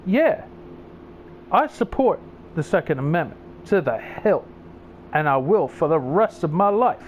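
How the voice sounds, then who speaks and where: A man's voice: fairly high pitch, sing-song, measured pace, slight background noise. A man hosting a gaming channel, ranting angrily and swearing heavily. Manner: profane, angry, swearing heavily. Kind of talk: angry rant over gameplay.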